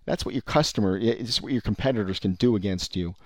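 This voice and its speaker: A man with a fairly low voice rants in profane, rambling commentary. He keeps stopping and restarting his sentences. The sound is dry and close. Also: a little fast, no room sound. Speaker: vape industry commentator. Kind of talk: ranting commentary.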